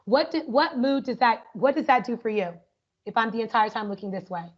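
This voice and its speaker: A woman's voice: fairly high pitch, fairly quick. Upbeat woman teaching over a video call. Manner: energetic and upbeat, often asks "right?". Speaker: educator leading an online workshop. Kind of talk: interactive online workshop talk. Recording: muffled lo-fi video call audio.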